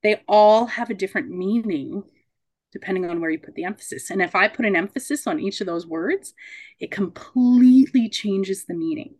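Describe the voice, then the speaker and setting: A woman in her thirties talks casually as a mediator, her voice mid-pitched and expressive. She acts out little quoted exchanges and laughs along the way. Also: moderate pace. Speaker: mediator giving a talk. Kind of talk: casual talk to a support group.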